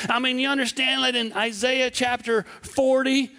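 A man from southwest Wisconsin preaching a sermon, animated and acting out the voices he quotes. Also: very high-pitched, fairly quick, few pauses.

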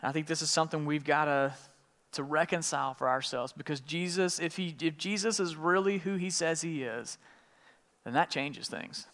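Preacher in a long-echo hall. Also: male voice, a little high, normal speed. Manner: retells scripture in casual paraphrase, with lively voiced quotes. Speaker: pastor. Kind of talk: sermon.

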